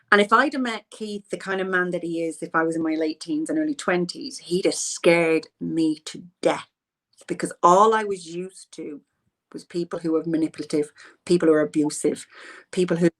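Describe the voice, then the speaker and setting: A middle-aged woman in an interview, telling a personal story in an earnest, rambling way and often repeating herself. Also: lowish voice.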